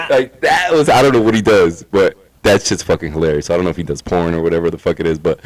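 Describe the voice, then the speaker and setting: Podcast co-host, a man with a lowish voice, relaxed and profane, sounds high. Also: brisk, noisy background. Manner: laid-back, swears a lot, laughs often. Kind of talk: casual chat.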